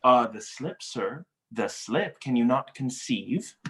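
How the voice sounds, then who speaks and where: A man reading a teasing, quick-witted young nobleman. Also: medium pitch. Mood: mocking. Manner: playful, teasing, animated wordplay. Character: witty, mocking young male nobleman. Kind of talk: cold read of a stage play. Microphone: video call.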